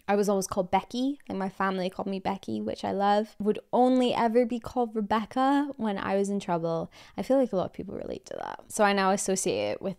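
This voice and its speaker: Chatty young Scottish woman, smooth voice. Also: mid-range voice, fairly bright tone. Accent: Scottish with an American tinge. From Scotland. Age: 20s. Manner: chatty, lots of likes, quick laughs. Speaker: podcast host. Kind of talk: casual chat.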